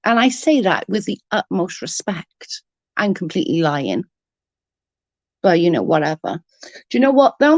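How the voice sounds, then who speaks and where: A woman's voice: lowish voice, big pitch swings, moderate pace, long pauses, no echo, dull audio. Blunt, foul-mouthed woman ranting. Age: 30s. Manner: blunt, profane, mocking. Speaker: online drama commentator. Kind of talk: ranting live-stream chat.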